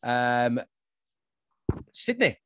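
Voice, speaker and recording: A man's voice: mid-range voice, sing-song, extremely slow, pushed and bright, smooth, no echo, clean studio sound. A man hosting a casual interview podcast, asking enthusiastic, rambling questions. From northern England. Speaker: podcast host.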